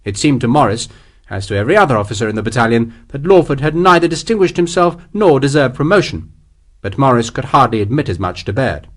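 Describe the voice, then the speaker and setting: A man narrating an audiobook with a measured, expressive storytelling manner. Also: mid-range voice. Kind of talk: scripted narration.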